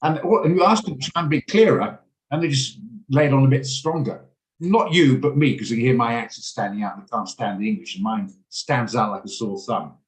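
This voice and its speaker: Blunt talky guy hosting a trading call, mid pitch, roomy echo on the video call. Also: a little fast. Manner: chatty, blunt, rambles off topic. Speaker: trading room host. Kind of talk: casual chat in an online trading session.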